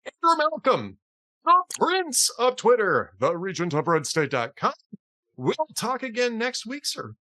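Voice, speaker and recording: A man's voice: high voice, huge pitch swings, measured pace, bright, forceful tone. A man hosting a casual political talk show, chatty and often laughing at his own jokes. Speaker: podcast host.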